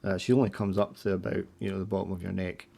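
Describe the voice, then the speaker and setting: A man's voice: deep voice, little pitch movement, quick pace, creaky, dark tone. A man narrating a tabletop horror game as game master, describing scenes with loose fillers like "uh" and "like".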